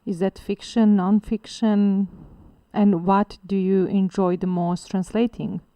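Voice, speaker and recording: A woman's voice: mid-range voice, level tone, takes it slowly, warm tone, clean tone, no room sound. A woman interviewing a guest in English, asking questions hesitantly with many "uh"s.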